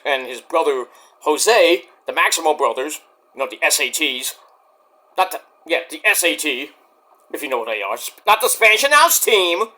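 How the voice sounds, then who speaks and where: A man recaps a wrestling show in a loose, profane vlog style, wandering off on tangents along the way. His voice sits high and bright, and it bounces up and down with plenty of energy. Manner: rambling, profane and digressive. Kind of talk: casual review vlog.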